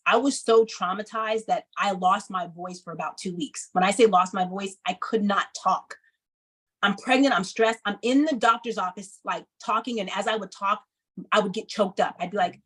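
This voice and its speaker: A woman in her thirties telling a personal story to an audience, acting out the people she quotes with lively emphasis. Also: mid-range voice, slightly rough, rough recording. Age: 30s. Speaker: speaker.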